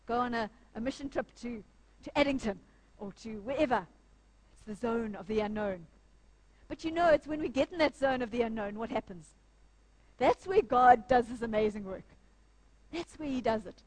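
Woman preacher, emphatic, slightly high voice, speaking in church. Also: animated, normal speed, long pauses, a little mellow. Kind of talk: sermon.

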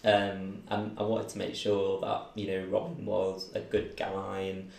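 Gravelly-voiced man telling a personal story. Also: sits low, completely flat delivery, a little slow, darkish tone, echoey room, a little hiss or hum. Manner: chatty, laughs often, acts out voices in his story. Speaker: interviewee.

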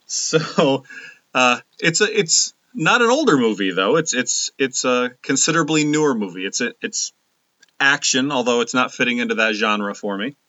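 A male podcast co-host chatting casually with quick, joking banter. His voice has a bright, forceful edge. The recording is dry and a little dull. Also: medium pitch, expressive, no room sound. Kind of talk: casual chat.

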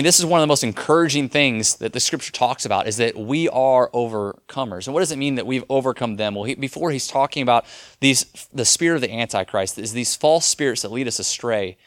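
A man's voice: medium pitch, no echo, studio quality. A young man preaching a sermon in an earnest, conversational way, often restarting his sentences. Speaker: pastor.

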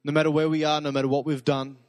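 A man preaching a sermon, telling stories in a conversational way and dropping to soft, intimate repetitions. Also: fairly high pitch, level tone, very fast, no room sound. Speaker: pastor.

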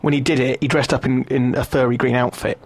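A man hosting a comedy podcast, telling absurd stories in a deadpan, hesitant way with many fillers. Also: medium pitch, fast, creaky, husky. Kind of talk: improvised comedy chat.

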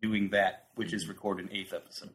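A man's voice: low-pitched, steady tone, a little fast, fairly bright tone. A man in his late twenties co-hosting a podcast in an easygoing casual chat, often chuckling. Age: late 20s. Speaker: podcast co-host.

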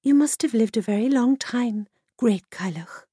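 A woman voicing a shy young peasant girl in a storybook, soft-spoken and earnest. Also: a little high, measured pace, breathy edge, no room sound, clean studio sound, pitched above the performer's own voice. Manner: shy and soft-spoken, solemn when chanting.

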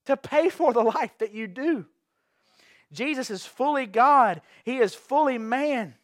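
Man, pastor, very high voice, dry close sound, earnest, repeats himself, questions the congregation. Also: lively intonation, unhurried, dry recording. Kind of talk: evening sermon. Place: church sanctuary.

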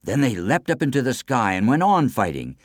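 A man narrating a children's folk tale in an expressive storybook style. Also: mid-range voice, a little fast, no room sound, clean studio sound. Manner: expressive, lively reading aloud.

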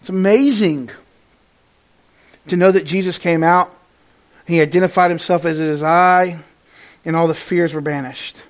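High-voiced preacher with dynamic swings. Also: male voice, moderate pace, pauses often. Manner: animated, swings from loud to hushed, acts out quotes. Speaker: pastor. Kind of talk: sermon.

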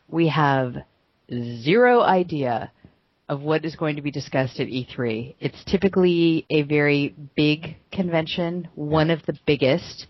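A woman co-hosting a gaming podcast in a casual chat, bubbly and quick to giggle. Her voice sits low for a woman and comes through a dry, close home microphone with a slightly muffled, lo-fi tone. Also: no room sound. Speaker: podcast co-host.

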